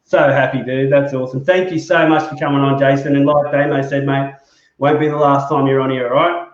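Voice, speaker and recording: A man's voice: medium pitch, flat delivery, brisk. Hesitant man, roomy dull sound. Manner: hesitant, full of "you know" fillers. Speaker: host. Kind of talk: casual chat.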